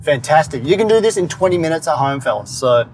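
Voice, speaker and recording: Upbeat man, slightly high voice. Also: lively intonation, fast talker, a little mellow, a little hiss or hum. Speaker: podcast host. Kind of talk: casual chat in a car. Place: inside a moving car.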